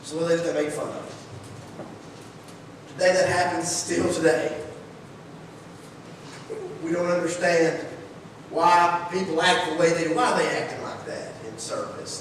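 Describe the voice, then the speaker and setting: A man preaching a sermon in a folksy, energetic way, full of rhetorical questions, in a church sanctuary. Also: on the high side, unhurried, long pauses, slight background noise. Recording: echoey church hall, distant mic.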